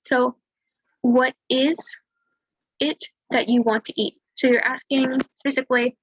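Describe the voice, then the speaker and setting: A woman tutoring a language lesson over a screen share in a relaxed, chatty way, talking through examples. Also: high voice, unhurried, breathy edge, no room sound, muffled recording. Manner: relaxed, chatty explaining with fillers and small laughs.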